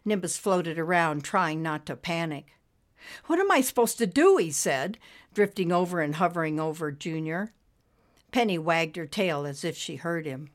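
Low-voiced woman reading a story. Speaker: audiobook narrator. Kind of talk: storybook narration.

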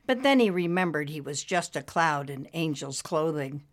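A woman reading a story aloud as narrator, expressive and lively. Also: low-pitched, normal speed.

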